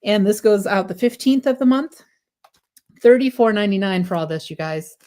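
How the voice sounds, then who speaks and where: A woman's voice: medium pitch, expressive, moderate pace, mellow. A woman hosting a live craft stream, chatting enthusiastically through a product demo, sometimes tripping over her words and correcting herself. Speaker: craft livestream host.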